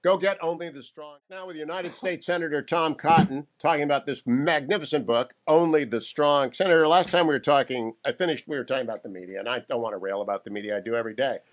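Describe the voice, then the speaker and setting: A man hosting a political talk radio show, interviewing a guest in an emphatic, animated way with quick asides. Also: fairly high pitch.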